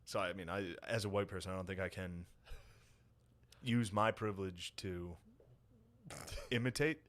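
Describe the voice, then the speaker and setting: Rambling low-voiced man. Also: normal speed, a bit bright. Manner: rambling, swearing, bursts into silly put-on voices. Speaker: podcast co-host. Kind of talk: casual chat.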